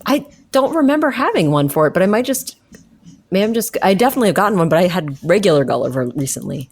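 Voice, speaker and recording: A woman co-hosting a podcast, chatting casually and cheering the others on with quick gasps and little replies. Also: fairly low pitch, very animated, breathy edge. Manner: encouraging, quick gasps and back-channel. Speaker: podcast co-host. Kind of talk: casual chat about a video game.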